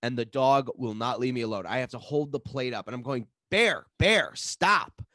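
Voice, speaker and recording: A man co-hosting a comedy podcast, telling a profane story with lots of swearing and shouted reenactments. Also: mid-range voice, fast, no echo, studio quality. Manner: profane, animated, acts out his own yelling. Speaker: podcast co-host.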